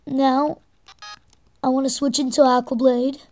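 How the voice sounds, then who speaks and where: A woman's voice: high voice, little pitch movement, measured pace, darkish tone. A young woman giving gameplay commentary, exasperated and swearing at the game as she plays. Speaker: let's play gamer.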